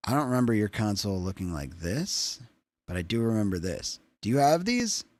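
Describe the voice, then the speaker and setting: A man's voice: fairly low pitch, big pitch swings, brisk, no echo. A young man livestreaming, chatting casually and jokily with his viewers, with loose swearing. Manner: loose, swearing, jokey with chat. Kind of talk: casual chat.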